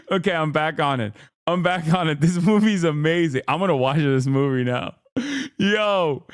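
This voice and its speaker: A man's voice: on the high side, clear, resonant tone, dry recording, studio quality. A man streaming, reacting to clips in casual, sarcastic commentary, repeating himself and laughing often.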